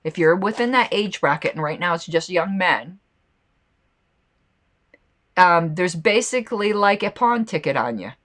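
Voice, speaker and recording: A woman hosting her own podcast, speaking with a slight lisp. Her voice sits a bit low but swings widely in pitch. She rambles with fillers and turns fiery and indignant as she comments on what she reads. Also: expressive, a little slow, long pauses, fairly bright tone. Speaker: podcast host. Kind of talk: solo podcast commentary, reading aloud.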